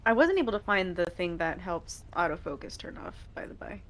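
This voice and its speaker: A woman playing in a tabletop game, speaking quietly and casually. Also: on the low side, very animated, fairly quick, a little hiss or hum, poor audio. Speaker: player.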